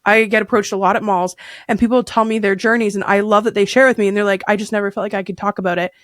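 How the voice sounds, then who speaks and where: A woman's voice: medium pitch, fairly even intonation, fast talker, fairly bright tone, no echo, studio quality. A woman in her thirties chatting candidly as a podcast guest, rambling with fillers and restarts. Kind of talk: candid casual chat.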